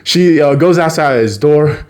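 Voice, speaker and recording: Man with a slightly high voice, chatty and loose, recapping a show. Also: a little slow. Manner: chatty, laughs often, acts out quotes. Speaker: TV episode recapper. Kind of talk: casual episode recap.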